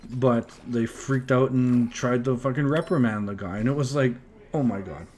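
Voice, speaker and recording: A man's voice: mid-range voice, normal speed. Rambling, profane Canadian man telling a story. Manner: rambling, profane, animated retelling with quoted voices. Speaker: podcast host. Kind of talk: casual storytelling chat.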